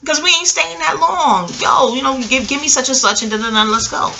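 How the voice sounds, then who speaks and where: A woman's voice: high-pitched, brisk, gravelly, pushed and bright, a little hiss or hum, voice pushed up, exaggerated voice. A woman voicing a blunt, impatient streetwise teenage girl in her story. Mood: brash. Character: brash young streetwise female friend.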